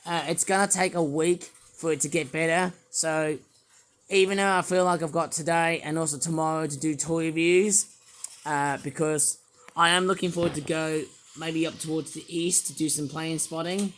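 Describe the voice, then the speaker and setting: Hoarse man, sore throat, rambling casual toy-review vlogger with lots of restarts. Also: fairly high pitch, fairly even intonation, normal speed, fairly bright tone, slight background noise. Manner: rambling, repeats fillers and restarts. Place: quiet room at home.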